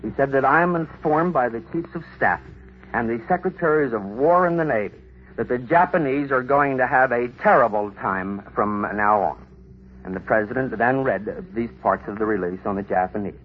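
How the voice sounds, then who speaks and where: A man reporting as a radio news correspondent, with a measured, formal delivery. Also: medium pitch. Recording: dull, lo-fi 1940s radio broadcast with faint hiss.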